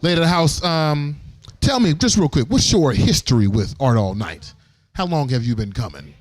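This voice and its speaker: A man's voice: a little high, big pitch swings, normal speed, no echo. A man hosting a live radio show from a gallery event, playful and hyped, repeating his lines and teasing his guests. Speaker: host.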